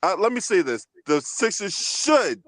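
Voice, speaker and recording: A man's voice: high voice, very animated, a little slow, over a noisy crowd. Slangy man hosting casual sports chat. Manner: loose, swears, drawls "bro" and "man". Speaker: podcast host.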